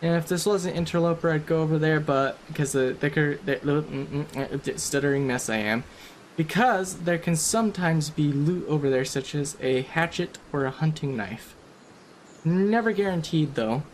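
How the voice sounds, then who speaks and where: A man's voice: a little high, moderate pace, a little hiss or hum. Chatty self-deprecating male game commentator. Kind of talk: casual gameplay commentary.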